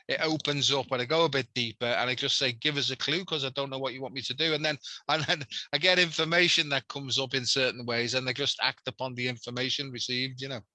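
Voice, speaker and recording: A man with a Liverpool accent, a guest and healer telling a story in casual chat, animated with chatty asides. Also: medium pitch, no room sound, rough recording.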